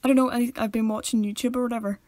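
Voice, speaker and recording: Young woman chatting on a podcast, bit high, giggly, dead dry close sound. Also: fairly even intonation, racing, darkish tone, no echo. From Northern Ireland. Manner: chatty, giggly, slips into voices when telling stories. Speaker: podcast co-host. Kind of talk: casual chat.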